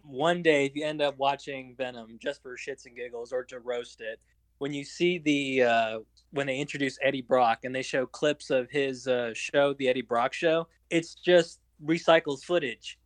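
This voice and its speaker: A man's voice: medium pitch, fairly even intonation, moderate pace, no echo. Eager young male film fan. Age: young adult. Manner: eager, fan-like, stumbling over fillers. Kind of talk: casual film chat.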